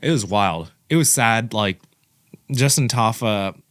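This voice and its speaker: A man giving casual, excitable commentary as the host of a fight reaction channel, rambling and correcting himself as he goes. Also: fairly low pitch, unhurried, no echo, studio quality.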